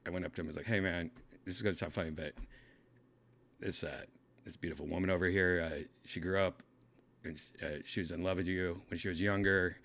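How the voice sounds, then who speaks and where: A man telling a casual story as host of his own show, rambling, correcting himself, and jumping up into high voices to mimic people. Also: steady tone, brisk, fairly bright tone. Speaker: podcast host.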